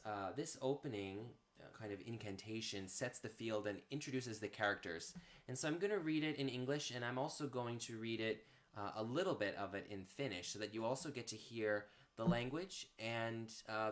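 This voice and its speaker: A man presenting a literary music program, explaining at an unhurried pace and pausing to find words, then reading verse in a measured, rhythmic cadence. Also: lowish voice. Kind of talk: informal explanation and poetry reading.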